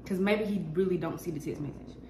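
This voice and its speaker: A teenage girl talking casually to camera in a slangy, excitable, nervous ramble. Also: lowish voice, quick pace. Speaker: vlogger. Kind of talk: casual vlog chat to camera. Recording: echoey room with music behind. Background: music.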